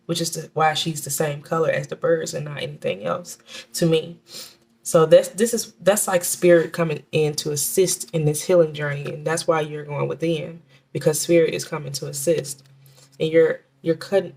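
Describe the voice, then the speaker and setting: A woman giving a casual tarot reading, talking in a chatty, halting way with many restarts and fillers, and slowing down to name the cards. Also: deep voice, fairly even intonation, darkish tone, breathy edge. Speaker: tarot reader.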